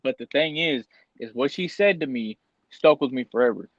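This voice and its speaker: A man's voice: medium pitch, lively intonation, normal speed, no room sound, muffled recording. A young man on a casual podcast, candidly telling an emotional personal story with plenty of slang. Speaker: podcast co-host.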